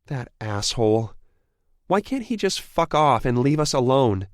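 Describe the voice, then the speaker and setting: A male audiobook narrator voicing an adult woman who is worried and fiery and swears when angry, lifting his voice slightly higher for her. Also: moderate pace, a little mellow, no echo, studio quality, close to an everyday voice.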